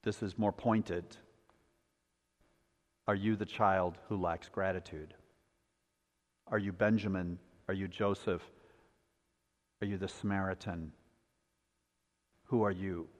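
A male pastor preaching a sermon with a repetitive cadence, building up and then dropping to a quiet, low delivery. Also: fairly even intonation, takes it slowly, long pauses. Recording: long hall reverb.

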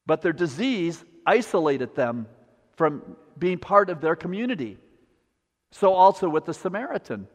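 Higher-voiced male preacher in a reverberant hall. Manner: repetitive preaching cadence, drops to quiet. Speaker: pastor. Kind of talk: sermon.

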